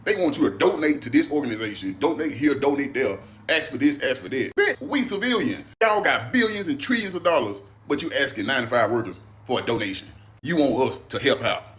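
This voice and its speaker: A man rants in quick bursts, firing indignant rhetorical questions laced with profanity. His pitch swings widely as he talks. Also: expressive, fairly bright tone, a little hiss or hum. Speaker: commentator. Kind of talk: comedic rant.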